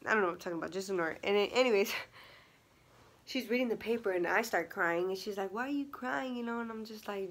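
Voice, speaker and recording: A woman's voice: mid-range voice, a bit bright. Chatty young woman telling a story. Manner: chatty, many fillers and laughs, acts out quotes. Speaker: vlogger. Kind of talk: casual storytime vlog.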